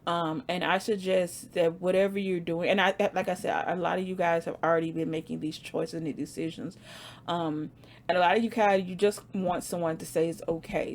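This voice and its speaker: Animated, slangy woman reading tarot. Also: lowish voice, brisk, a little hiss or hum. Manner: animated and slangy, laughs often; repeats phrases for emphasis. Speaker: tarot reader.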